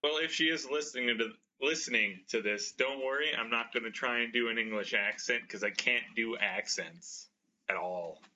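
A man's voice: mid-range voice, normal speed, pushed and bright, lo-fi sound, a little hiss or hum. An American man co-hosting a podcast, chatting casually and joking about himself, often laughing. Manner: self-deprecating, laughing often. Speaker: podcast co-host. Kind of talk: casual chat.

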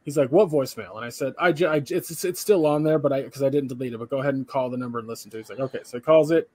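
A man's voice: medium pitch, rapid-fire, no echo. A tired young man, a podcast co-host, casually retelling a work story and acting out the voices of the people in it. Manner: animated retelling, acts out quoted voices, swears casually.

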